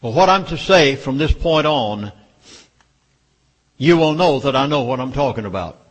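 This public speaker has a mid-range, animated voice at a moderate pace and a Southern US accent. He urgently, emphatically lectures listeners at a public meeting, his words echoing with long reverb through the hall.

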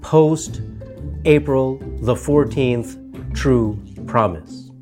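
A man's voice: mid-range voice, drawn-out words, over music. A man giving a rambling, casual monologue commentary, full of fillers and mocking asides. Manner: rambling, heavy with fillers, mocking put-on voices. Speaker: political commentator.

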